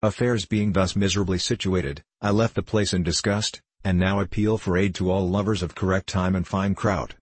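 A man reading a comic story aloud as narrator, in a theatrical, lively manner. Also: deep voice, moderate pace, few pauses, husky, no echo.

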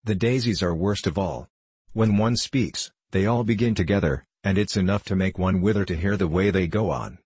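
A proud, quick-tempered talking tiger lily from a storybook, read by a man. It speaks in a haughty, bossy way, with a deep husky voice and a dry close sound. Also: darkish tone, dry recording. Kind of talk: audiobook reading.

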